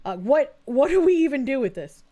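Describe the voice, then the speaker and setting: A woman's voice: sits high, big pitch swings, a little fast, mellow. A woman streamer giving blunt, profane, sarcastic live reaction commentary.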